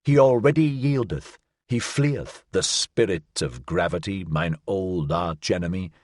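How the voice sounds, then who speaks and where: A man reading the lines of a solemn male prophet, measured and reflective in archaic speech. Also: low-pitched, a little mellow, dry recording, clean studio sound, voice pushed down. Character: solemn male prophet musing aloud, weary yet triumphant. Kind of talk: audiobook reading.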